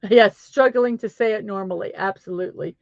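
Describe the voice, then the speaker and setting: A middle-aged Southern woman hosts a casual daily positivity show solo, giggling at herself and apologizing when she stumbles. Her medium-pitched voice is creaky and a little mellow, fairly quick, recorded with no echo and the highs cut off.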